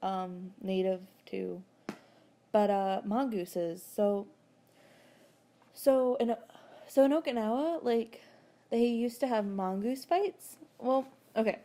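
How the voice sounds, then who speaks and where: A woman's voice: medium pitch, slow, pauses often, mellow. A woman casually recapping a book chapter as a podcast host, rambling and chatty, laughing often and swearing freely.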